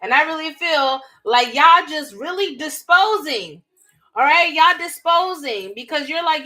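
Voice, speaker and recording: Young female tarot reader, high and bright, animated, slangy, addresses viewers directly. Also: a little slow. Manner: animated, emphatic, slangy, talking straight to viewers. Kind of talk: live tarot reading.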